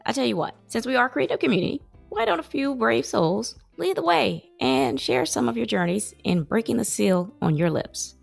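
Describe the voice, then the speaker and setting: A woman's voice: fairly high pitch, sing-song, normal speed, creaky, few pauses, soft background music. A woman hosting a podcast interview, upbeat and affirming, closing the episode with a prepared outro. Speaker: podcast host.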